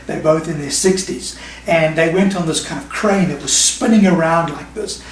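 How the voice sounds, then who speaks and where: A man preaching a sermon as pastor, emphatic, with quick bursts and slow stressed phrases. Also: a little high, a little hiss or hum. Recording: echoey room, mic at a distance.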